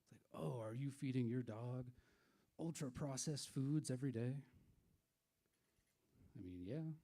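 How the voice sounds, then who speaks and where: Comic guy with a warm low-key voice, rambling through a bit, kinda laid back. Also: measured pace. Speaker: stand-up comedian. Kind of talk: stand-up comedy set.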